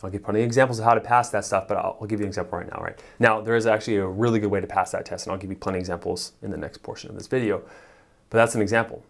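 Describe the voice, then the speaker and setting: Lively storytelling man, fairly low voice. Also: racing, gravelly. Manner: animated storyteller, frequent "like" and "right?", chuckles while talking. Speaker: relationship coach. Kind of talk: casual advice monologue to the camera.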